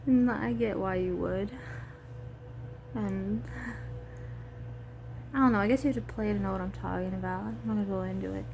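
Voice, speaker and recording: A woman's voice: mid-range voice, fairly even intonation, normal speed, creaky, long pauses, a little mellow, slight background noise. A woman vlogger chatting casually and emotionally about a video game, rambling with many fillers. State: tearful at times.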